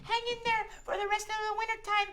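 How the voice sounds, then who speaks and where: A man doing Shiloh, a high, shy little squirrel. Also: monotone, fast, sharp tone. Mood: grateful. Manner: eager and chatty, stumbles over repeated words. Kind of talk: children's puppet show.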